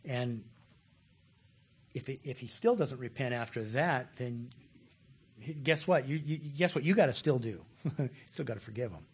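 A man preaching a sermon, animated, repeating words, with sudden loud bursts. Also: mid-range voice, measured pace, long pauses, slightly rough. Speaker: pastor.

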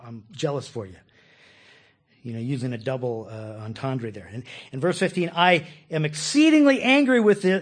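Husky man preaching an emphatic sermon. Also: medium pitch, a little mellow. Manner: emphatic, asks questions of the congregation. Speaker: pastor.

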